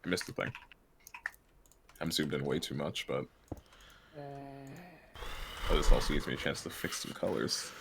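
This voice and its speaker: A man's voice: rumbling low, very animated, a little slow, creaky, pauses often, noisy background. A man chatting casually on a stream while he paints, rambling and often laughing. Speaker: art streamer.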